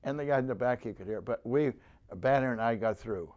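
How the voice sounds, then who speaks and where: Very old man telling a halting war story. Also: mid-range voice, highs cut off. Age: 90s. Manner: halting, rambling delivery with many restarts; acts out the voices of people he quotes. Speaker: war veteran interviewee. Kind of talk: oral history storytelling.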